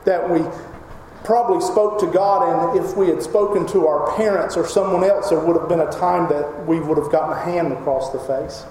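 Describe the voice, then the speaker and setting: A man's voice: on the high side, steady tone, moderate pace, a little mellow. A man preaching a sermon as pastor, emphatic and crying out when he quotes scripture. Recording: echoey hall reverb, faint noise.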